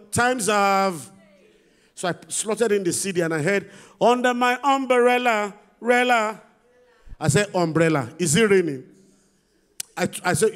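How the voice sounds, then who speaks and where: Middle-aged Nigerian male comedian, high voice, lively storytelling on stage. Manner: animated storytelling, acts out his son in a squeakier voice. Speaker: stand-up comedian. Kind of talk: stand-up comedy performance.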